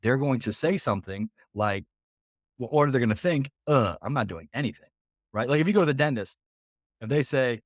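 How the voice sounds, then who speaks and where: A man coaching on a group call, talking casually and directly and acting out quick bits of client dialogue. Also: medium pitch, animated, no echo, clean studio sound. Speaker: business coach. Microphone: video call.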